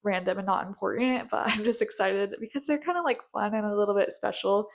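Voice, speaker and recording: A young American woman talking in a relaxed, chatty way, bubbly and gushing. She drops plenty of casual fillers and sits at an ordinary, middle pitch. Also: brisk, gravelly. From United States. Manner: bubbly, gushing, filler-heavy with frequent likes. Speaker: book vlogger. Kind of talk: casual chat.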